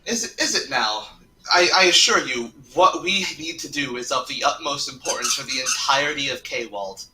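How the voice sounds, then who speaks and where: A man's voice: medium pitch, lively intonation, normal speed, reverberant, noisy background, close to an everyday voice. A man voicing an earnest adventurer who stammers and speaks formally while pleading with guards.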